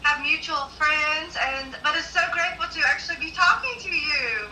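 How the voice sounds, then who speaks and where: Woman, Southern accent, earnest, gentle, phone call, distant, faint hiss. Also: high voice, moderate pace. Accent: Southern American. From Virginia, US. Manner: soft, earnest, gently rambling. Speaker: guest spiritual channeler. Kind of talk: casual video-call interview. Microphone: phone video call.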